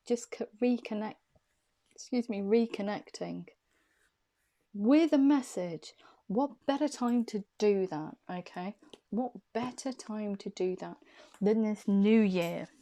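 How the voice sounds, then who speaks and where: In a slow, dark-toned, mid-range voice, this tarot reader works intuitively through a reading to camera. She chats warmly, repeats phrases to stress them, and offers soothing reassurance.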